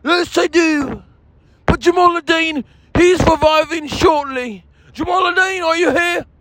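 A man voicing a boastful, touchy self-styled British gentleman with a put-on British accent, lecturing haughtily and breaking into shouted rants in a comedy sketch. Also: very high voice, takes it slowly, heavily acted, low-quality recording. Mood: indignant. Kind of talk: comedy sketch character monologue.

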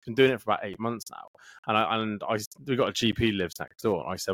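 A man's voice: fairly low pitch, racing, fairly bright tone, no room sound, clean studio sound. Sweary storytelling man in his thirties. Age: 30s. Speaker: podcast co-host. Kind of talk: casual chat.

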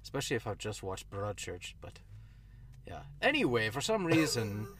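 This podcast co-host speaks at normal speed in a fairly bright, low-leaning voice that swings hugely in pitch. His casual chat rambles, with frequent mid-thought self-corrections, over slight background noise.

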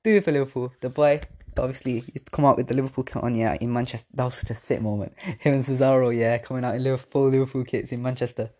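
Rambling lad, casual podcast chat. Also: male voice, mid-range voice, steady tone, fast, dark tone. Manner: rambling, slangy, swears, laughs at himself. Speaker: podcast host. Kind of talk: casual wrestling predictions chat.

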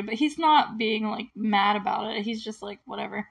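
A woman's voice: fairly high pitch, level tone, brisk, few pauses. Chatty woman recapping a movie. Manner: chatty, peppered with "like" and small laughs; often clears her throat.

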